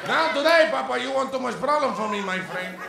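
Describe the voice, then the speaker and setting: A male comedian voicing a stubborn, gruff older bodega owner in broken Spanish-accented English. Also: very high-pitched, fast talker, background noise, voice pushed up. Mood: shouting. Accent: Spanish-accented English, put on. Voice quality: indignant, broken English, shouting bursts. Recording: roomy club with loud crowd laughter.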